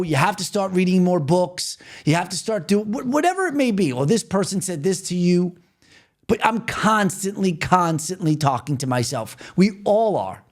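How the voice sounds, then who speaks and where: A man from New York hosting a podcast, talking earnestly and repetitively straight to the listener in a motivational monologue. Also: sits high. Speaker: podcast host.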